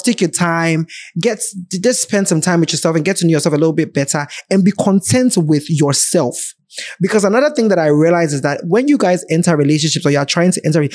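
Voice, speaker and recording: A man with a Ghanaian accent chats through relationship advice as a podcast host, his voice sitting notably high. He speaks plainly and directly to his listeners, in a casual, advising way. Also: darkish tone.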